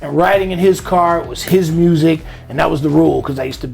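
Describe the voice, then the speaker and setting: A middle-aged man from Miami, a guest in an interview, telling stories in an animated way and laughing easily. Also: on the high side, fast talker, creaky. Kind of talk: casual interview chat.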